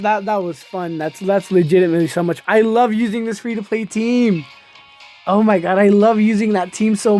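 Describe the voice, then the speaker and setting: A woman giving excitable live commentary on a mobile game, laughing often and talking straight to her viewers. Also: mid-range voice. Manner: chatty, addresses viewers as y'all.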